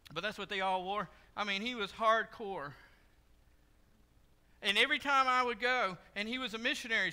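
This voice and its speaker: A pastor giving a sermon in a church, telling stories in a conversational, joking way. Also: male voice, high-pitched, pushed and bright, clear, resonant tone. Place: church sanctuary. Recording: long hall reverb.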